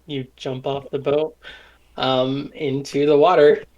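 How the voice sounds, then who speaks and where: A man narrates as game master of a tabletop game at an average pitch. His delivery is relaxed and loose, with plenty of um and like. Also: takes it slowly, muffled recording. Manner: relaxed, filler-heavy narration.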